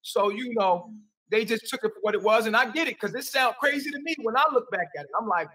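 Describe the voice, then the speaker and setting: A man's voice: high voice, fast talker, sharp tone, far from the mic, low-quality recording. A man answering questions on a call, rambling and repeating himself defensively. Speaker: interview guest.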